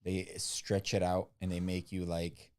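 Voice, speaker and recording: A man's voice: deep voice, completely flat delivery, a little slow, clean tone. A man co-hosting a casual livestream, talking in a rambling, skeptical way with lots of "like" and "um.". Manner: rambling and skeptical, many "like" and "um" fillers. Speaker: livestream co-host.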